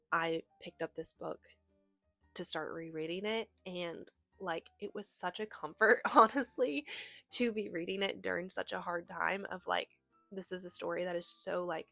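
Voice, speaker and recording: A young woman talks casually about the books she read, gushing and rambling with lots of fillers and restarts. She records from her bedroom, and her voice sits close and dry. Faint music plays softly underneath. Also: on the low side, gravelly, no room sound. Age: young adult. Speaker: book vlogger. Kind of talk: casual chat.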